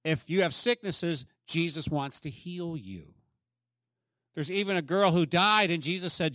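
A man's voice: on the high side, measured pace, a bit bright, no echo, studio quality. A man preaching a sermon as pastor, emphatic and often asking the congregation questions.

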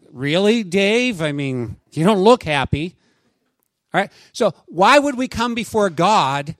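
A man preaching a sermon as pastor, in a conversational, animated way with asides to his congregation. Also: high voice, dry recording.

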